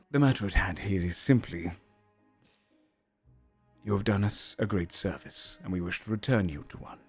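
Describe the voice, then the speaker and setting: A man playing a soft, measured councillor. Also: low voice, breathy edge, soft background music. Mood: placating. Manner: measured, soothing. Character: soft-spoken diplomatic male councillor.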